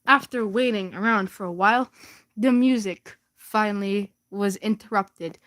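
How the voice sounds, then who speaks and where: A woman's voice: medium pitch, unhurried, fairly bright tone. A young woman casually reading her old fanfiction aloud for laughs, giggling and stumbling over the words.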